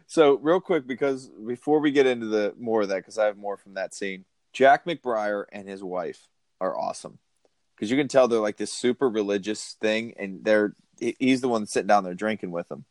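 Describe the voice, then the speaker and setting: A man's voice: on the low side, normal speed, a little mellow, no room sound. A man co-hosting a podcast, chatting casually about a movie, laughing often and retelling scenes. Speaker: podcast co-host.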